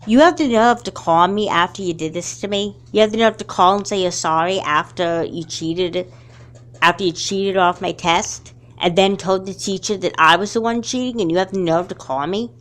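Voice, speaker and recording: A woman's voice: medium pitch, normal speed, fairly bright tone, close to an everyday voice. A woman voicing an angry, hurt schoolgirl who accuses her friend in a fan doll movie. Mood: indignant. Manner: indignant, accusing.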